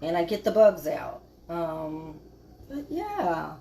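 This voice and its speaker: In her home kitchen, this cooking show host talks slowly in a medium-pitched, sing-song voice during a casual live stream. She chats with her viewers, her sentences trailing off into fillers.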